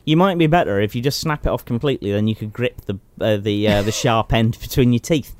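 A man's voice: medium pitch, a little fast, no echo. A man co-hosting a podcast, chatting casually and teasing with the odd swear. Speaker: podcast co-host. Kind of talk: casual chat.

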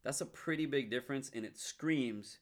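A man's voice: mid-range voice, moderate pace. A man co-hosting a casual sports talk show, earnest and stat-driven, building to passionate outbursts.

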